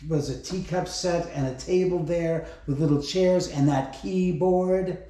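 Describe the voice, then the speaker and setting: A man with a somewhat high voice tells stories in a loose, rambling way, swearing freely and chuckling between tales. He speaks inside the bedroom of a big house. The room around him is very echoey. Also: measured pace, warm tone. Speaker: house owner giving a haunted tour. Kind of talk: casual storytelling.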